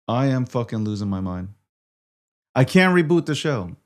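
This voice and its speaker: A man's voice: medium pitch, very animated, normal speed. A man hosting a live stream, frustrated and swearing, repeating himself as he struggles with his setup. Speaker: livestream host.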